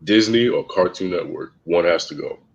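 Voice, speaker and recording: A man joining by video call as the guest asking questions, easygoing and quick to laugh. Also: low-pitched, muffled recording. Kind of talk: casual chat.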